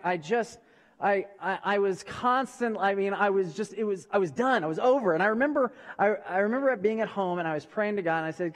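Male pastor, middle-aged, chatty and halting, high voice, long hall reverb. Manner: chatty, halting, frequent restarts and repeated words. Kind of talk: conversational sermon. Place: church hall.

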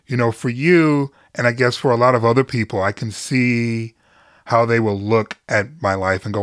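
A middle-aged man tells personal stories in a frank, earnest way, laughing easily and swearing casually. His voice sits at an ordinary pitch. The recording is dry and close, with no room echo. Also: a bit bright. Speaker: guest, journalist and podcaster. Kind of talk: candid conversational storytelling.

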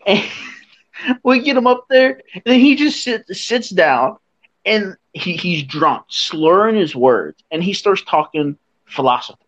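Animated high-voiced young man telling stories. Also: measured pace. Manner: animated, laughs through his story, acts out quotes. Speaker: podcast host. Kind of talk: casual storytelling. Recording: dull lo-fi sound.

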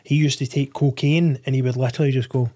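A man hosting a casual interview, asking relaxed questions. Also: medium pitch, fast. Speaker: podcast host.

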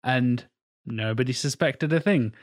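A young man chatting casually on a podcast, telling stories with lively asides and acted-out quotes. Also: mid-range voice, a little slow. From England. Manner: animated storyteller, acts out quoted voices, swears freely. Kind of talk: casual chat.

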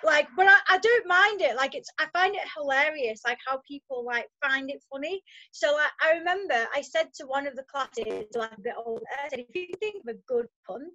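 Giggly high-voiced young woman. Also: fairly quick, few pauses, bright, forceful tone. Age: 20s. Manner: giggly, chatty. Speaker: guest, supply teacher. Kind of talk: casual chat. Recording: dull lo-fi sound.

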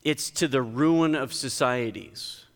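A man's voice: slow pace, long reverb tail. A male pastor preaching a sermon in a conversational but emphatic way, lifting his voice to stress key points, in a church sanctuary. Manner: emphatic, conversational preaching with sudden lifts in pitch.

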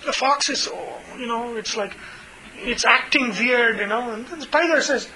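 High-voiced teacher telling stories. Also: male voice, normal speed, background noise. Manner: chatty, many fillers, retells stories. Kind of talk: informal scripture class.

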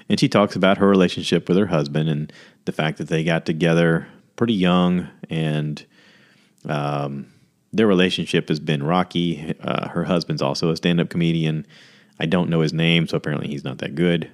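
Man, very deep voice, chatty solo podcast host, acts out quotes in goofy high voices. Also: steady tone, normal speed. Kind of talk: casual solo podcast monologue.

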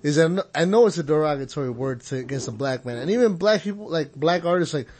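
A podcast co-host in casual chat, arguing a point and repeating himself over the others. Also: male voice, fairly high pitch, lively intonation, fast talker, darkish tone, slight background noise. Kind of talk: casual debate among friends.

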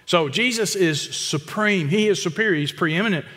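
A man preaching an expository sermon, emphatic and repetitive, with quick asides to the congregation. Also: sits high, fairly bright tone, big-room sound. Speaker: pastor.

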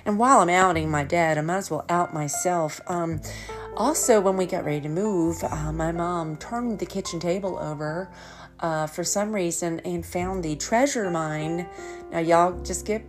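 A woman's voice: fairly low pitch, normal speed, soft background music. A middle-aged woman, hosting a podcast and telling rambling stories with frequent laughs. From American South. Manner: chatty, rambling, laughs often. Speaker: podcast host. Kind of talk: casual storytelling monologue.

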